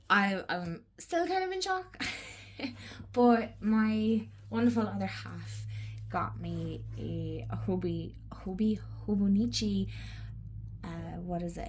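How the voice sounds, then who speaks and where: Casting: young woman, lower voice, rambly home vlogger, light background hiss. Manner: chatty, rambling, often laughing and whispering. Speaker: journaling channel host. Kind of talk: casual chat to camera.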